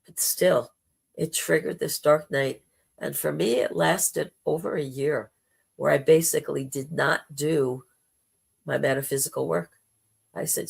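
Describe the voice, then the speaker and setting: A woman hosting a live spiritual talk, telling a personal story slowly and heartfelt, with dramatic quoted asides. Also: sits low, steady tone, creaky, husky. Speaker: spiritual talk show host.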